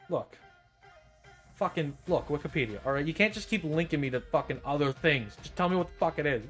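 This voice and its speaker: Profane, animated young male streamer. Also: on the high side, normal speed, pauses often, faint music behind. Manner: profane, incredulous, joking. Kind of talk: casual reading and commentary.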